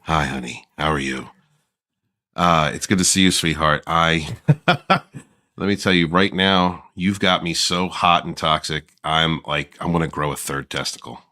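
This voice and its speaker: A man putting on a deep, slow, crooning seducer voice in the style of a soul singer, talking to his livestream chat. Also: fairly even intonation, sharp tone, heavily acted. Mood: seductive. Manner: low, slow, suggestive crooning.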